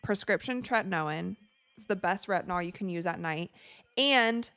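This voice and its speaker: A woman hosting a live watch party, chatting casually, reading viewer comments and reacting with excited outbursts to the plays. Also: on the low side, moderate pace, dry recording, soft background music. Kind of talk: casual live-stream chat and game reactions.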